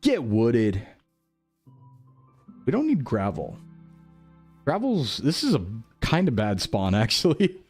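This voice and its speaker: Joking young man with lively pitch. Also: measured pace, long pauses, husky, soft background music. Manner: rambling, jokey, self-mocking. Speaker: streamer. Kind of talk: casual gameplay commentary.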